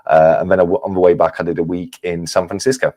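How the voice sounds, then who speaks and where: A man's voice: sits low, flat delivery, quick pace, dark tone. English man telling a chatty story. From England. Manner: chatty, laughs through his anecdotes. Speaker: livestream guest. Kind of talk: casual storytelling.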